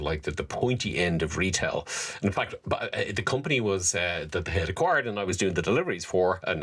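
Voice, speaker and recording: Deep-voiced Dublin man telling lively stories. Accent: Dublin Irish. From Ireland. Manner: lively storyteller, self-deprecating, many fillers and restarts. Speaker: podcast guest. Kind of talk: casual interview chat.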